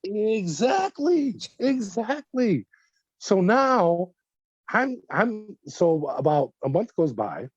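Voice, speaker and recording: A man's voice: high-pitched, very animated, slow pace, breathy edge, dry recording, dull audio. A middle-aged man from California retelling his experience in an interview, acting out quoted dialogue and often repeating words as he goes. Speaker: whistleblower guest. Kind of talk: conversational storytelling interview.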